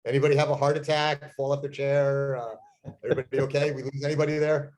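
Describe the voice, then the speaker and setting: A man's voice: medium pitch, flat delivery, fast, a little mellow, a little hiss or hum. A man talks real estate sales in an intense, emphatic way. He speaks plainly and drives each point home, like a trainer coaching a room. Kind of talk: motivational sales talk.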